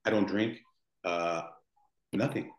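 A man in his forties tells his story as a podcast guest, rambling and restarting his sentences as he goes. His voice sits on the low side. The room has a noticeable echo around him. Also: slow pace. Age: 40s. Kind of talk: emotional storytelling. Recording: roomy echo.

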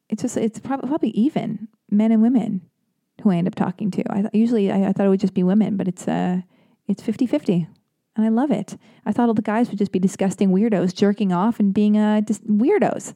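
Warm-voiced woman rambling on her podcast. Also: medium pitch, vocal fry, no room sound, clean studio sound. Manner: rambling and self-deprecating, full of fillers and jokey asides. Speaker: podcast host. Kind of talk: casual personal monologue.

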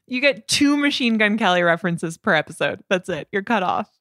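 A woman's voice: mid-range voice, big pitch swings, fairly quick, fairly bright tone, no echo, studio quality. A woman co-hosting a podcast in casual chat, joking and posing questions to her partner. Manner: chatty, joking, poses questions. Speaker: podcast co-host.

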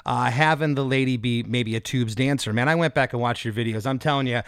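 A man hosting a music interview, chatty and openly enthusiastic about his guest's work. His voice is mid-pitched and dry, close to the mic. He leans in with eager follow-up questions. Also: brisk, smooth, no room sound. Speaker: interview host.

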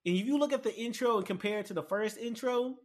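Excitable man rambling about anime. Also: high voice, quick pace. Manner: excitable, rambling, heavy on fillers. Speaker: anime commentator. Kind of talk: casual chat.

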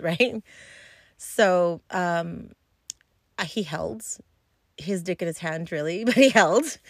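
A woman's voice: on the low side, a bit bright, dry recording, clean studio sound. A woman hosting a podcast, telling a story in a casual, blunt and profane way, with plenty of ums and likes. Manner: blunt, profane and chatty, with many fillers. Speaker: podcast host.

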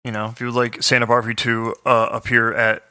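A man's voice: mid-range voice, monotone, fairly quick, sharp tone, smooth, no echo, studio quality. A man co-hosting a podcast, joking crudely and riffing in comic bits. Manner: crude, joking, sings silly jingles and does put-on voices. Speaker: podcast co-host. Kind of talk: crude comedic podcast banter.

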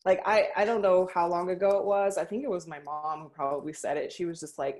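A woman's voice: fairly low pitch, fairly even intonation, brisk, few pauses, a little mellow. A young woman in casual conversation, talking reflectively and laughing readily.

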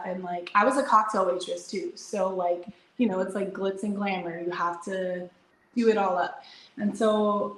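Chatty young adult woman, interview guest, animated storyteller, echoey room. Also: medium pitch. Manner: chatty, animated, frequent "like" fillers and laughs.

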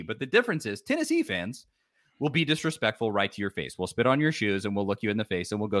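A man co-hosting a sports podcast, ranting with animated energy and mocking rival fans. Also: medium pitch, brisk. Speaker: podcast co-host.

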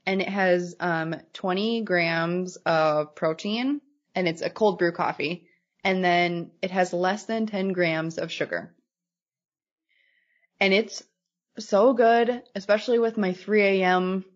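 A woman co-hosting a podcast who tells family stories in a lively casual chat. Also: fairly low pitch, highs cut off. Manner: animated storyteller, acts out her daughter's lines. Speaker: podcast co-host.

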